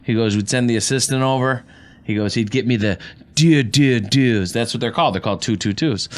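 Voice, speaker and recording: A man's voice: medium pitch, fairly quick. A man guesting on a sports podcast, telling stories and giving blunt, opinionated takes. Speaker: guest co-host. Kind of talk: casual sports chat.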